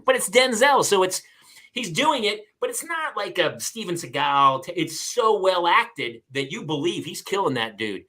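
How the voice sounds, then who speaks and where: A man's voice: high voice, normal speed. A man hosting a podcast, chatting casually and acting out people's lines as he tells stories. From California. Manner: animated storyteller, acts out other people's lines. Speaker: podcast host. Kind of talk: casual chat.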